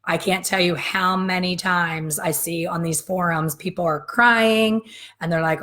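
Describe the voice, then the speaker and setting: A woman's voice: on the low side, steady tone, a little slow, fairly bright tone. A woman in her fifties, a hair color educator giving a frank, emphatic live coffee-chat lesson straight to her viewers.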